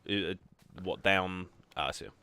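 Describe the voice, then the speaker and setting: A man's voice: deep voice, normal speed, pushed and bright, clean tone. A young man hosting a gaming video, chatting casually and self-deprecatingly with lots of ums. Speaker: gaming channel host. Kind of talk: casual gameplay chat.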